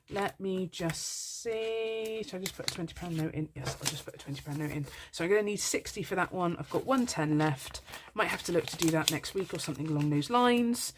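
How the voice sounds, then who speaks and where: A woman's voice: on the low side, background noise. A woman chatting in a casual budgeting vlog, bubbly and apologetic, with lots of ums. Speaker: budgeting vlogger.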